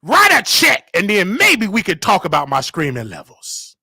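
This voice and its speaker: Man, very high pitch, wildly swooping, shouting and preachy, dry close sound. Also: normal speed, vocal fry, husky, no room sound. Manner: shouting, preachy, animated, scolding listeners. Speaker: show host. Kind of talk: loud live-stream commentary.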